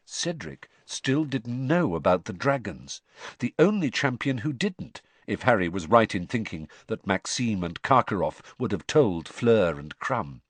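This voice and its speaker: A man narrating an audiobook in an expressive storytelling manner. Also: lowish voice, measured pace, dry recording. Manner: expressive, varied storytelling delivery.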